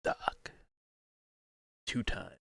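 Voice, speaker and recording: A man's voice: drawn-out words, fairly bright tone, no echo, studio quality. A man hosting a live reaction stream in loose, casual talk, swearing freely and laughing often.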